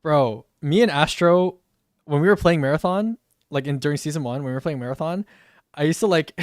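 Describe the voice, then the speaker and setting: A man's voice: on the high side, fast, clear, resonant tone, dry recording, clean studio sound. A young man streamer chatting casually and slangily while he plays. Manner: laid-back and slangy, often says "bro". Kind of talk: casual live-stream chat.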